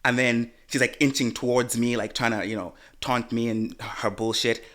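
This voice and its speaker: A young man co-hosts a casual podcast, pitched in the middle range for a man. He tells his story with animated energy and a lot of profanity. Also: normal speed. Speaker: podcast co-host.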